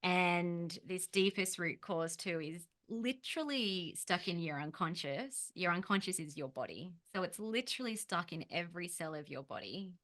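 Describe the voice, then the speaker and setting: A woman's voice: on the low side, animated, normal speed, few pauses, a bit bright. A woman, the host of a chat, explaining ideas in an encouraging way. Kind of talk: casual chat.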